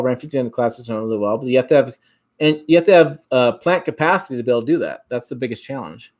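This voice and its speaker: A man from Michigan with an Upper Midwest accent hosting a casual livestream, reading out viewer comments in a rambling way with frequent restarts. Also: medium pitch. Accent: Upper Midwest American. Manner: rambling, repeats and restarts words, chuckles often. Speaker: host.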